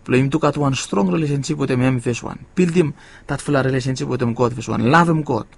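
Delivering a sermon fast, a man uses a middle-pitched voice with vocal fry and a breathy edge. He punches up key words and lets each phrase trail off low and soft.

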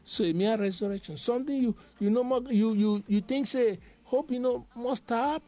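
A man's voice: very high voice, moderate pace, mellow, faint music behind. A man delivering a devotional sermon, emphatic and repetitive in a chanting preaching rhythm.

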